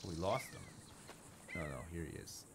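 A man's voice: low voice, expressive, moderate pace. A man casually commenting on his gameplay during a live stream, wry and muttering, swearing freely. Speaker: game streamer. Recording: streaming mic with clear noise.

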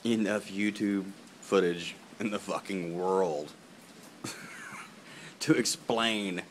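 A man's voice: sits low, a bit bright, slight background noise. A man ranting casually to camera as a vlogger, profane and laughing, drifting off topic outdoors in the rain. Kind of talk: rambling casual rant to camera.

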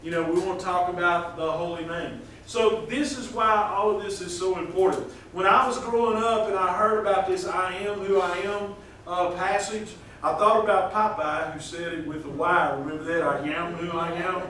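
A high-voiced man with a drawl preaches a folksy, joking sermon. His voice rings around a big, echoey church hall, picked up from well back off the mic with a faint hiss underneath. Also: normal speed, few pauses, a bit bright, far from the mic. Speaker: pastor. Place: church sanctuary.

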